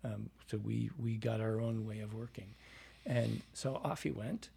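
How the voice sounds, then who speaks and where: A man in an interview spins loose, rambling anecdotes about his work as a dialect coach. His voice is mellow and dark, with a husky grain. He keeps restarting and piling in fillers as he goes. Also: fairly low pitch, fairly even intonation, unhurried.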